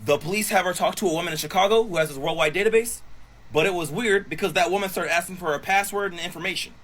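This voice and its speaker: High-voiced man telling a story casually. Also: fast, low-quality recording. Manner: animated, swears, acts out quotes. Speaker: storyteller on social video.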